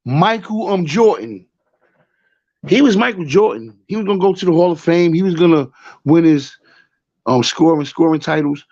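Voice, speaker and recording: A man's voice: fairly high pitch, animated, normal speed, a little mellow, dull audio. A man with a New York accent telling a rambling story in casual talk, often repeating "you know what I'm saying.". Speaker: show host.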